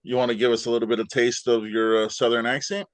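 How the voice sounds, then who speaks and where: Very deep-voiced woman hosting an interview. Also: steady tone, fast, no room sound. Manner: hesitant, starts questions with "uh", laughs along. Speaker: interview host. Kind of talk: casual interview questions.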